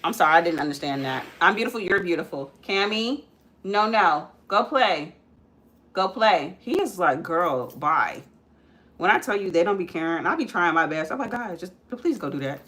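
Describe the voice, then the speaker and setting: A young woman with a bright, fairly low voice talks her way through a live makeup session. She is chatty and loose, full of ums, calling her viewers guys. Now and then she breaks off to tell her kids to put things back. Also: animated, moderate pace. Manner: frequent ums while working. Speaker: makeup vlogger and mother. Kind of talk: casual live-stream makeup chat.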